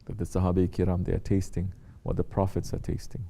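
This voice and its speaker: A man's voice: low voice, monotone, brisk, gravelly, dark tone, breathy edge. A man giving a spiritual talk to his students as their Sufi teacher. He repeats his points and often checks in with short questions to the room. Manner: repetitive, checks in with rhetorical questions.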